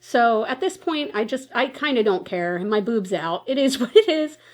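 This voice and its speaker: A woman's voice: on the high side, lively intonation, normal speed. A woman in her twenties, chatting casually and telling a story while doing her makeup, with lots of "like" and frequent laughs. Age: 20s. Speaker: beauty vlogger.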